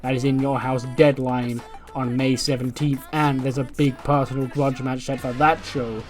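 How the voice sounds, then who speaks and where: A man hosting a let's play, narrating a simulated wrestling show in lively play-by-play with offhand asides. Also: mid-range voice, normal speed, soft background music.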